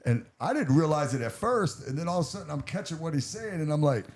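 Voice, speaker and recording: A man's voice: fairly high pitch, animated, fast, a little mellow. A man co-hosting a podcast in casual chat, laid-back, laughing and repeating himself as he tells his side. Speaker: podcast co-host.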